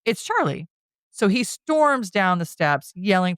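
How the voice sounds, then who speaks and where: A woman's voice: mid-range voice, very animated, measured pace, fairly bright tone, clear, resonant tone, dry recording. A woman hosting a podcast, casually retelling a horror film scene by scene, with chatty storytelling. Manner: chatty storytelling, with frequent "you know" and "like". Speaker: podcast host. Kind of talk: casual movie recap.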